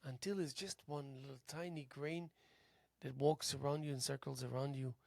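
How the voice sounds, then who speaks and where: A tired man hosting a local TV show, musing aloud in a halting philosophical monologue that drifts into soft whispers. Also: mid-range voice, fairly even intonation, vocal fry, no room sound. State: tired, yawning. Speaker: host. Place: local cable TV studio.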